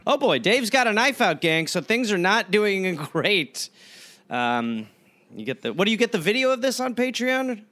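A man co-hosting a comedy podcast, chatting casually with teasing jokes and quick interjections. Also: high-pitched, sing-song, pushed and bright.

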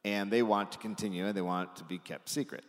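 A man hosting a comedy podcast live, telling a history story in an animated, casual way with dry asides and offhand swearing. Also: fairly low pitch, quick pace. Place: stage at a live podcast taping. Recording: live show in a reverberant hall.

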